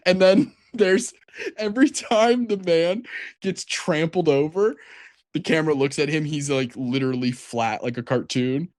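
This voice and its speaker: Animated swearing male podcast storyteller. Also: fairly high pitch, unhurried, no room sound, clean studio sound. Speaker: podcast co-host. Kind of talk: casual chat.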